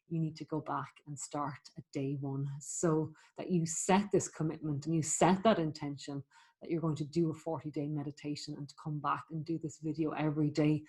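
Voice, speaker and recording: Low, even-toned woman teaching meditation. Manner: gentle, encouraging, chatty with many fillers. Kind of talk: spoken meditation instruction.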